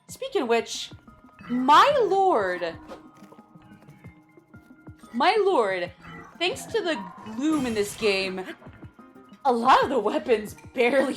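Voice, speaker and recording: A young woman streaming a video game, chatting playfully with her viewers and laughing often. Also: fairly high pitch. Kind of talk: casual gameplay commentary.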